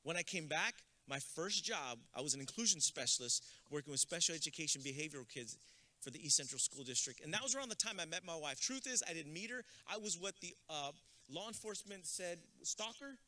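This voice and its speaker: A man's voice: fairly high pitch, expressive, fairly quick, pushed and bright. A man from Texas giving a graduation keynote, telling comic stories and building to a rousing close at a podium microphone. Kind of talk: motivational storytelling speech. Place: school graduation ceremony.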